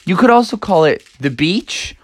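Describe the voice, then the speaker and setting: A young woman reads a children's adventure aloud with playful, improvised flair. Her lowish voice swoops widely with expression as she draws the listeners in. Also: expressive, moderate pace. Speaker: storyteller. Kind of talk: telling a storybook to children.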